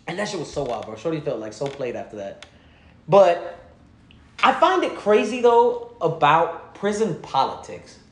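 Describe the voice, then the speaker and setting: A man telling stories in casual, slang-heavy chat. He is animated, laughs through the funny parts and drops low and quiet when he quotes other people. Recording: roomy echo.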